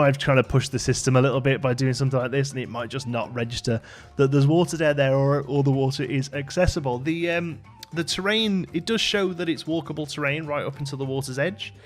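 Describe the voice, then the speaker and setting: In laid-back let's play commentary, a YouTuber rambles about his build, peppering it with ums and self-mocking asides. Faint soft music plays under his normal-pitched voice, and he seems weary, yawning occasionally.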